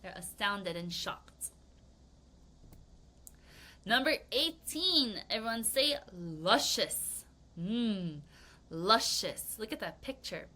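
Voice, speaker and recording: A young woman leads a children's vocabulary lesson with a bright, clear tone and a very lively, bouncing pitch. She acts out example reactions with gasps and exclamations. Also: slow pace, pauses often. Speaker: English vocabulary teacher.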